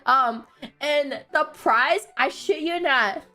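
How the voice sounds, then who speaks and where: A woman's voice: sits high, takes it slowly, sharp tone. A young woman streamer telling a story in casual chat, giggling often and swearing freely, with faint music behind her.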